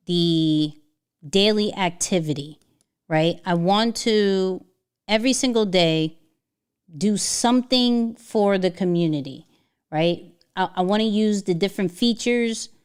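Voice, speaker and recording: A woman's voice: medium pitch, darkish tone, smooth. Chatty woman hosting a livestream. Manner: slangy, chatty, with fillers and restarts. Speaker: livestream host. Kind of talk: casual livestream talk.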